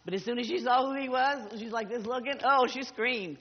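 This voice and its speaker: A woman's voice: a little high, a little fast. A middle-aged woman pastor preaching a sermon, emphatic and exhorting, often repeating her phrases. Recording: dull audio with long hall reverb.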